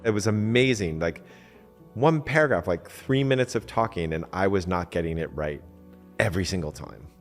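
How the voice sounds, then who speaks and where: A man with a very low voice talks loosely about relationships, the way a coach teaches, using lots of "like" and acting out little quoted conversations. His voice rings with a long reverb tail. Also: normal speed, faint music behind. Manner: conversational, acts out quoted exchanges, many fillers. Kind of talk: casual teaching talk.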